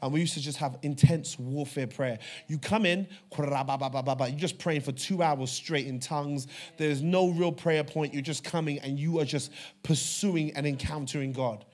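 A man preaching a sermon, telling a personal story with fervor, dropping to a hush and then rising loud. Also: a little high, fairly even intonation, unhurried. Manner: fervent storytelling, swings from hushed to loud. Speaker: pastor.

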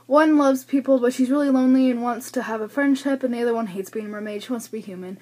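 A young American book vlogger rambles through a book haul, talking fast in a somewhat high, warm voice. She's chatty, self-deprecating, and a little out of breath, recorded on a camera's built-in mic.

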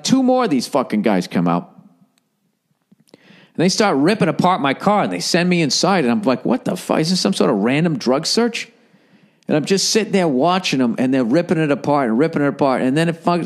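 A man with a mid-range voice tells a comic story as a podcast host. He swears freely, rambles through asides and makes fun of himself as he goes. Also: mid-range voice. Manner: profane, rambling, self-mocking. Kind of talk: comedic storytelling monologue.

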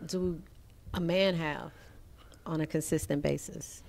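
A woman's voice: sits low, fairly even intonation, measured pace, vocal fry, a little mellow. A woman co-hosting a relationship talk show, frank and emphatic in casual chat.

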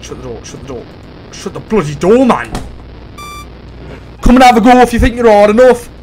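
Sex: man. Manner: excitable, yelping. Pitch: lively. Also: normal speed. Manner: excitable, bursts into shouts and yelps. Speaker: gaming YouTuber. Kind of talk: horror game let's play commentary.

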